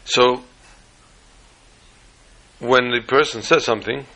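Man teaching with a story, animated, lots of repetition for effect, bright sharp voice. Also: medium pitch, slow, poor audio. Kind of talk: storytelling sermon.

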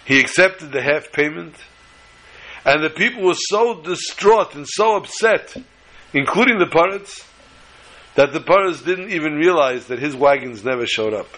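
A male storyteller with a fairly high, bright and forceful voice and a husky texture. He tells the tale with lively repetition and builds momentum as he goes. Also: normal speed. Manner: animated, repetitive phrasing. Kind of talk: oral storytelling.

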